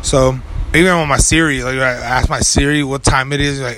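A man's voice: medium pitch, flat delivery, a little fast, pushed and bright, slight background noise. A young man telling a rambling story in casual chat, full of filler words and swearing. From California. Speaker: podcast co-host.

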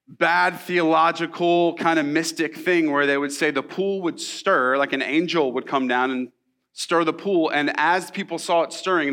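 Young male preacher telling stories. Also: fairly high pitch. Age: young adult. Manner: conversational, animated storytelling with asides and rhetorical questions. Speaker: pastor. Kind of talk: sermon.

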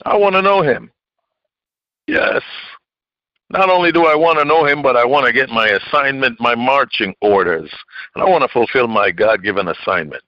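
A man preaching a sermon in an emphatic, call-and-response style, tossing questions out to his listeners. His voice sits at an ordinary middle pitch. The recording is dry and a little dull, as if captured on modest gear. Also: animated, normal speed, no echo.

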